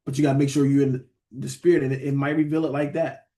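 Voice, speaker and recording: A man's voice: mid-range voice, flat delivery, fast, dark tone. A man teaching a Bible study, conversational, often asking "right?" and reading verses aloud.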